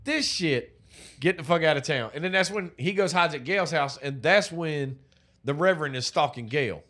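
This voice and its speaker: A man's voice: on the high side, animated, normal speed, fairly bright tone. A man in casual chat, recapping a movie with a friend, profane and joking as he retells it.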